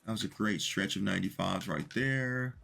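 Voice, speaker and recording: A man casually talking viewers through a video game, chatty and working through his math out loud. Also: fairly low pitch, moderate pace, vocal fry, faint music behind. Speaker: gaming video creator. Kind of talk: casual commentary to viewers while opening packs.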